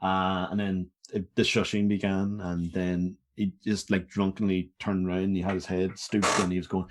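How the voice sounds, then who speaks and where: A man's voice: low-pitched, level tone, moderate pace, few pauses. A man with a Northern Irish accent, co-hosting a film podcast and telling stories bluntly, with some swearing. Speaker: podcast co-host. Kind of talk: casual chat.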